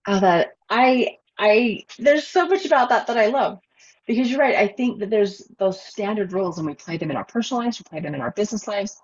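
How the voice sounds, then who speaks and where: A woman hosting a casual interview, talking in an animated, expressive way about emotions at work. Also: medium pitch, brisk, dull audio. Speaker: podcast host.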